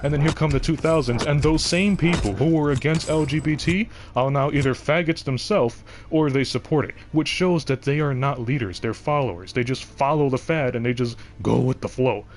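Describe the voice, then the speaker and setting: A young man with a deep voice, chatting casually on a game livestream and rambling from thought to thought with frequent restarts. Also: moderate pace, hardly any pauses, a little hiss or hum. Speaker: game streamer.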